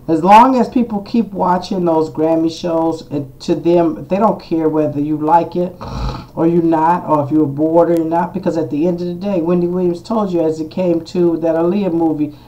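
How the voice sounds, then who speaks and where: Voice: medium pitch, fairly even intonation, normal speed, mellow, muffled recording. A vlogger talking casually to camera, blunt and opinionated, with plenty of fillers and the odd curse. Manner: chatty, with many fillers and asides. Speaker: vlogger doing astrology readings.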